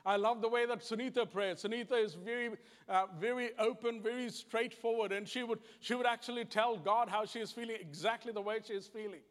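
Kiwi guy preaching, fairly high voice, earnest and repeats himself, echoey hall sound. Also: steady tone, fairly quick, hardly any pauses. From New Zealand. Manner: earnest, repetitive, plain-spoken. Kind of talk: conversational sermon. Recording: long hall reverb.

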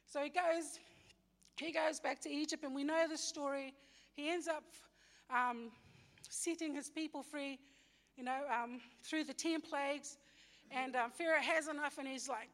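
A woman's voice: high-pitched, steady tone, unhurried, fairly bright tone. A woman teaching a Bible story in informal sermon style, chatty, with everyday slang and frequent self-corrections. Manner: chatty, many fillers and restarts, retells scripture in everyday slang. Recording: long hall reverb.

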